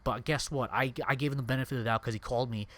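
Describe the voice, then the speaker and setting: A man's voice: medium pitch, steady tone, very fast, fairly bright tone. Angry swearing young man streamer. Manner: angry, profane venting. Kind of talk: casual gaming stream rant.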